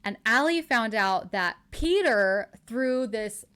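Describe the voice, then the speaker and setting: A woman hosting a book podcast, retelling a novel's plot in a casual, animated way and acting out the characters' quotes. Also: on the high side, slow pace, clear, resonant tone. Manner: animated retelling, acts out quotes, laughs often. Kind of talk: casual book recap chat.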